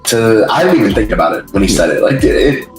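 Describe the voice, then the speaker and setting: A man's voice: fairly low pitch, quick pace, faint music behind. A man guest on a gaming podcast, casually telling stories and acting out what others said. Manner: animated storytelling, acts out quotes. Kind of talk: casual interview chat. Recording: echoey room.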